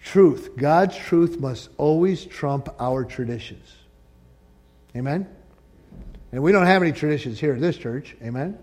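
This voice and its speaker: A male pastor preaching a sermon, animated and joking, acting out quotes from the story and the congregation. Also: a little high, unhurried, long reverb tail. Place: church sanctuary.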